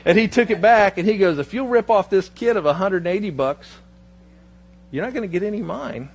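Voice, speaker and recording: A man preaching a sermon as pastor, telling a personal story with lively quoted dialogue before turning to scripture. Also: high-pitched, brisk. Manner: storytelling, animated, quoting others in his anecdotes. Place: church sanctuary.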